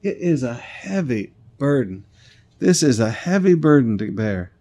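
A man preaching a sermon as a pastor, stressing and repeating lines, slowing down on scripture and telling stories in a conversational way. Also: mid-range voice, sing-song, warm tone. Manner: conversational storytelling asides.

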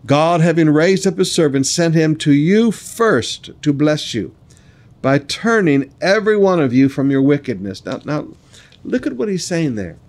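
A man preaching a sermon, reading scripture aloud in slow measured phrases and breaking in with quick, chuckling asides. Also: on the high side, expressive, darkish tone. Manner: reads scripture slowly, then adds quick asides with laughs.

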